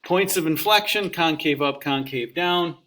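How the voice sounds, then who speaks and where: A man teaching a calculus lesson, talking through each calculator step aloud in a relaxed, folksy way. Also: fairly high pitch, measured pace. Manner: relaxed, folksy classroom explaining. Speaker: math teacher.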